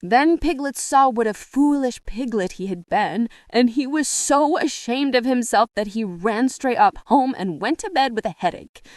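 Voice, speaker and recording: A woman narrating a children's storybook in a lively, expressive way. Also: fairly high pitch, moderate pace, hardly any pauses, no room sound, clean studio sound. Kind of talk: storybook reading.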